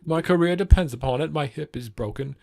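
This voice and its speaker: A man's voice: on the high side, a little fast, creaky, a little mellow, voice pushed up. A man voicing a mocking, blustering British pundit in a put-on British accent, overemphasizing every word.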